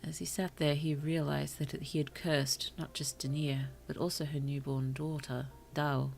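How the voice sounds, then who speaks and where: Woman, very deep voice, creaky gravelly tone, story reading on stream, slow careful delivery, soft music underneath. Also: little pitch movement. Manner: slow, careful storytelling with apologetic asides to chat. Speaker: virtual streamer reading viewer stories.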